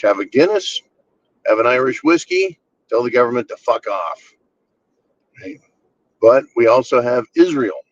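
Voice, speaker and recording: A man from the United States hosting a blunt, profane and sarcastic commentary rant. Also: lowish voice. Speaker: channel host. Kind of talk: ranting commentary monologue. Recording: slightly dull lo-fi sound.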